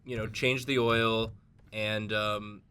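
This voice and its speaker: Bright-voiced young man chatting with a laugh. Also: fairly low pitch, flat delivery, slow pace, clean tone. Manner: laughs often, playful. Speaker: co-host. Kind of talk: casual chat while drawing.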